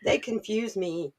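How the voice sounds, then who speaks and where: A woman from Oregon chatting casually on a livestream, telling animated stories and laughing often. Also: mid-range voice. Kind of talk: casual chat.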